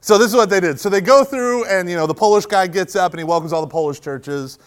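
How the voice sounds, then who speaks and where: Man, high-pitched voice, humorous youth talk, animated storyteller, bursts of shouting. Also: fast. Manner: animated, jokey, breaks into shouting when acting out the story. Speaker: speaker at a Catholic youth event.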